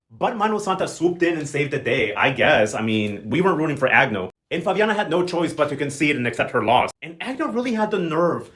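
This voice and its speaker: A man's voice: a little high, sing-song, brisk, few pauses, a bit bright. A man casually recapping a soap opera episode, sassy and slangy, quoting the characters in playful voices. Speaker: novela recap host.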